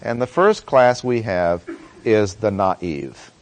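A man teaching a Bible study lecture in an earnest tone, often pausing with "uh" as he explains words and verses. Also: lowish voice, lively intonation, slight background noise. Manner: earnest teaching tone with frequent "uh" pauses.

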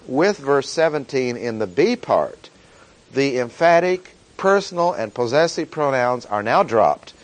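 A man teaching a Bible lesson, reading verses aloud and stressing key words deliberately. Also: mid-range voice, low-quality recording.

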